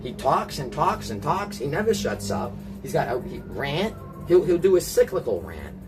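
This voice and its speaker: A man livestreaming from his apartment, rambling through profane, animated stories in casual chat. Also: a little high, moderate pace. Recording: loud music playing under the voice.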